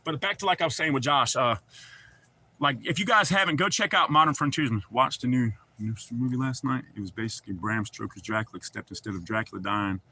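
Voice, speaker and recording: A man's voice: mid-range voice, fast, bright, forceful tone. A middle-aged man with a Southern accent chats loosely on a livestream, rambling and reading out viewer comments with casual swearing. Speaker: livestream host.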